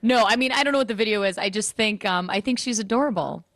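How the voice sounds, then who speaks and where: A woman's voice: medium pitch, fast, fairly bright tone, no echo. A woman co-hosting a casual chat show, chatty and joking. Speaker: co-host.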